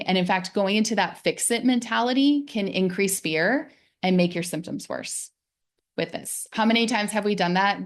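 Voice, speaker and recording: A middle-aged woman, a wellness coach, giving a casual, gentle and encouraging talk about pain, sometimes dropping into soft, soothing self-talk. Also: lowish voice. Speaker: physical therapist and wellness coach.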